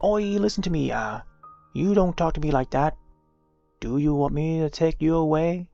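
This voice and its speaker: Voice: mid-range voice, normal speed, creaky, dark tone, lo-fi sound, soft background music, close to an everyday voice. A streamer voicing a stern father in a game, scolding in curt sentences. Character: stern, irritable father scolding his daughter.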